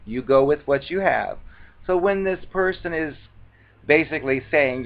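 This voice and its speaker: A man with a voice pitched a little above the usual talks straight to camera in an easy, conversational advice monologue. He slips into quick acted bits when quoting others. The recording sounds dull and lo-fi. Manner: conversational, acts out quoted retorts. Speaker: advice vlogger. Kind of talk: casual talking-head monologue.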